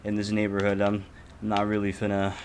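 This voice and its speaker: Low-voiced profane teen storyteller. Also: male voice, fairly quick, slight background noise. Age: teens. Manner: animated, profane, acts out quotes loudly. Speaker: podcast co-host. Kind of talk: casual storytelling chat.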